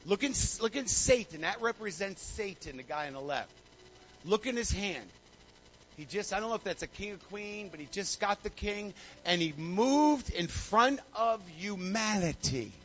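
High, bright-voiced fervent preacher man. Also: expressive, moderate pace, muffled recording. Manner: fervent storytelling preacher, repeats phrases, calls to congregation. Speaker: pastor. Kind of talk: sermon with altar call. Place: church sanctuary.

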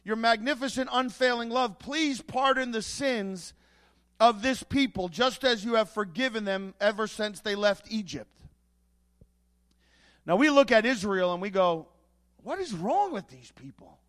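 Male pastor, sermon, very high voice, slow deliberate delivery, emphatic, repeated rhetorical questions. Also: fairly bright tone.

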